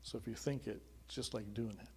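Preaching with a fast, slightly rough voice on the low side, this middle-aged pastor keeps his tone steady. His sermon turns into personal testimony, earnest and chatty, punctuated by little chuckles.

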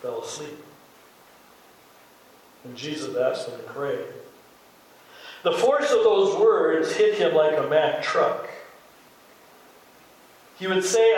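An older man with a Midwestern accent preaches a sermon like he is telling a story, and he briefly acts out the lines he quotes. His voice sits a little high for a man. He is picked up from a distance in a big, strongly echoing sanctuary. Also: lively intonation, slow pace, pauses often, slight background noise. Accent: Midwestern American. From American Midwest. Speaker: pastor. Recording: very echoey hall, voice from far off.

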